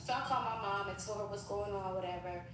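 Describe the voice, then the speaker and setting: A woman telling a casual storytime in an animated way, often speaking straight to the viewers. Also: mid-range voice, fast. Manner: animated, addresses viewers as "y'all". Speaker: storyteller in a played clip. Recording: echoey room from far off, noisy.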